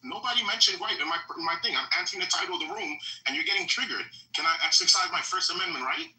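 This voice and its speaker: A man's voice: high voice, lively intonation, rapid-fire, bright, forceful tone, reverberant, poor audio. A man speaking as a caller in a live debate room. He is insistent and keeps asking to finish his point.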